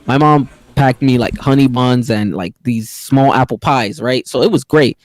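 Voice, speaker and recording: A young man from the Bronx casually telling a long story on a podcast, slangy, animated and acting out the voices of other people. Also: mid-range voice, normal speed, dry recording. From the Bronx, New York. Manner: animated, slangy, acts out quoted voices loudly.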